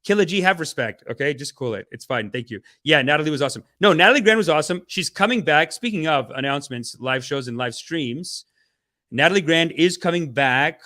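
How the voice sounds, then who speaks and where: A man hosting a livestream podcast, talking in energetic slang and playful mock-spiritual preaching, with big swings in loudness. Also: a little high, fairly quick. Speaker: podcast host.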